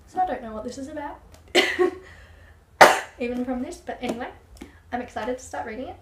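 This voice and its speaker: A young Australian woman with a fairly high voice chats about books in a loose, rambling way, full of "like" fillers. She is recorded in an echoey room with a faint hiss of noise underneath. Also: lively intonation, normal speed, pauses often, fairly bright tone. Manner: chatty, rambling, with frequent "like" and laughs. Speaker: book vlogger. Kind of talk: casual chat.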